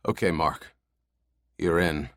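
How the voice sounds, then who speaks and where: A firm, resolute young man bent on revenge, voiced by a male narrator. Low and slow, read dry and close. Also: a bit bright, no room sound, full character voice. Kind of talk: audiobook character voice.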